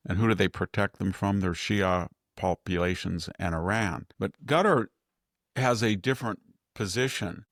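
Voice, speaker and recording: A man's voice: low voice, dry recording, clean studio sound. A man giving conversational podcast commentary, rambling with restarts and quoted asides. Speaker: guest commentator.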